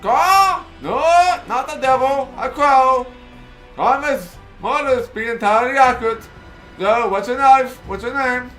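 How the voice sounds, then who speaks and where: A man's voice: very high voice, a little slow, fairly bright tone, soft background music, voice pushed up. A man voicing a boastful, self-important male raven in a fantasy game, breaking his speech with caws. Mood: grandiose. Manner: pompous, self-important, cawing.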